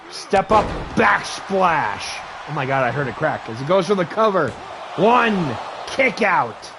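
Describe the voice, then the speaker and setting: A man's voice: sits high, fairly bright tone, a little hiss or hum. A man calling a wrestling match play-by-play, firing off moves in short bursts and thanking his stream's viewers between spots. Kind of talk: excitable play-by-play commentary.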